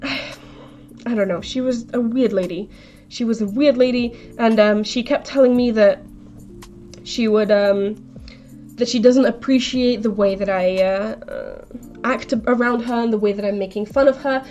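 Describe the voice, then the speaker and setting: A woman's voice: on the high side, a little slow, darkish tone, lo-fi sound, faint music behind. A young adult woman live streaming, retelling a story in a chatty, rambling, indignant way.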